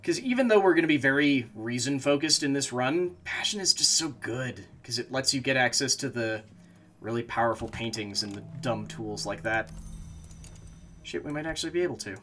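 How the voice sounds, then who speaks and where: A man streams a game, talking to himself as he plays and bursting into frustrated, swearing outbursts in casual commentary. His medium-pitched voice is animated and fairly bright at a moderate pace.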